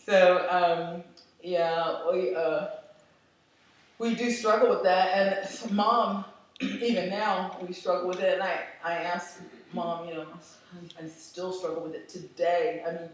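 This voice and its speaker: A middle-aged woman telling personal stories in a lively, animated way, laughing often. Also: fairly low pitch, slow, slight background noise. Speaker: storyteller. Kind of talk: personal storytelling. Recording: echoey room, mic far off.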